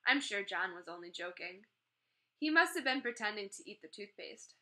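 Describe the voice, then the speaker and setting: A woman's voice: medium pitch, lively intonation, moderate pace, bright, forceful tone. A woman voicing a kind, patient mother who mildly scolds her children. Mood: soothing.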